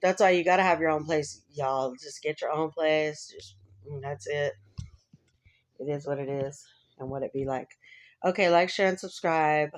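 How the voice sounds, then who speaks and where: A woman's voice: low-pitched, normal speed. A woman vlogger talking in a rambling, casual chat to camera, laughing often between thoughts.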